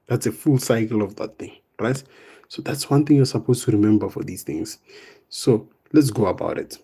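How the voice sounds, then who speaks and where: A young man teaching math in a live online exam revision lesson, casual and step by step, often tagging on "right?" and "boom". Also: moderate pace, dark tone, slightly rough. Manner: explains step by step, coaxing students.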